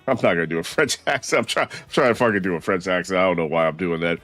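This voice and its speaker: A man's voice: low-pitched, quick pace, hardly any pauses, fairly bright tone, no echo, faint music behind. A young man streamer giving casual, joking, sweary commentary while playing a game. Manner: sweary, joking, reads dialogue aloud. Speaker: gaming streamer.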